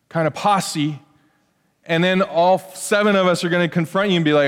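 A man preaching a lively sermon from the pulpit, his voice sitting high for a man. He drops into hushed asides, then climbs to loud, emphatic peaks. The sound carries a long reverb from the church hall around him. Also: normal speed, clean tone. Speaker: pastor. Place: church sanctuary.

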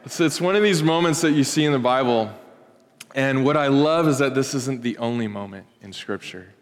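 A man pastor giving a sermon in a church sanctuary, telling the story in a lively way with pop-culture asides. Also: mid-range voice, normal speed. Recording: long reverb of a large hall.

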